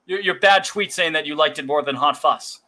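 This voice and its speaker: A man co-hosting a podcast, chatting casually and teasing his friend with quick jokes. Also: a little high, pushed and bright. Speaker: podcast co-host. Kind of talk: casual chat.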